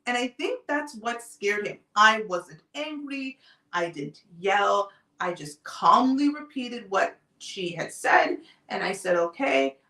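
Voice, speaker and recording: Woman host, calm and measured storytelling, roomy sound a little away from the mic. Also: fairly high pitch, far from the mic. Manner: calm, deliberate personal storytelling. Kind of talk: live talk show monologue.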